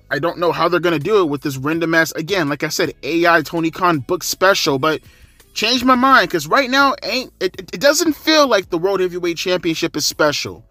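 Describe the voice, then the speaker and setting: A man's voice: high voice, pushed and bright, no room sound. A man giving a profane, rambling wrestling reaction rant in a casual style, often repeating himself. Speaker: wrestling commentary YouTuber.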